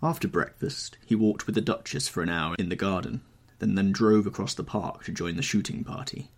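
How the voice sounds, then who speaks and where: A man reading a classic novel aloud in measured, literary audiobook narration. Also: sits low, expressive, gravelly.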